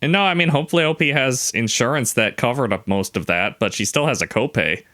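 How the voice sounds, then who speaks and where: A man's voice: medium pitch, expressive, fast talker, sharp tone. A young adult man co-hosting a podcast, reacting to stories with wry, questioning comments. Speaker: podcast co-host. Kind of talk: casual chat.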